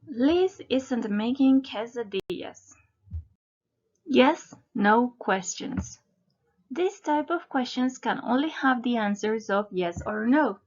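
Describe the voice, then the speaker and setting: A woman slowly and deliberately narrating a scripted English grammar lesson, spelling out word endings letter by letter. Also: on the high side, highs cut off. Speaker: English teacher.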